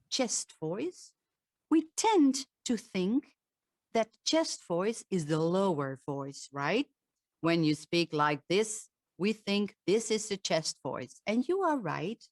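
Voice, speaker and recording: A woman's voice: lively intonation, slow, a little mellow, dry recording, studio quality. A woman with a Dutch accent, a voice coach giving a talk and demonstrating vocal sounds. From Netherlands. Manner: demonstrative, shifts pitch to show examples.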